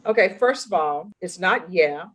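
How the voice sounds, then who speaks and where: A woman's voice: on the low side, animated, normal speed, a bit bright, soft background music, poor audio. A woman judge conducting a formal court hearing over video, firm and corrective in manner.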